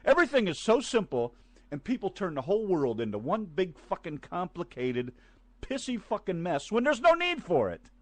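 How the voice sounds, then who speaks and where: Profane ranting man, lively high voice. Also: moderate pace, dry recording. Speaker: co-host. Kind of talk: casual chat and profane rant.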